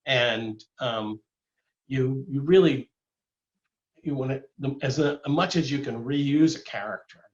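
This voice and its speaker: A man's voice: medium pitch, measured pace, muffled recording. An older man giving a casual illustrated talk as a guest speaker, rambling with many fillers and restarts. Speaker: guest speaker, former animator.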